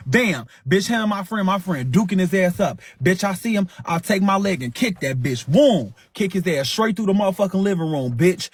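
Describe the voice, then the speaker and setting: High-voiced guy with a husky edge, cussing his way through a story, lots of pow boom sound effects, super animated. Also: normal speed, hardly any pauses, no room sound. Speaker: livestream host. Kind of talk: casual profane storytelling.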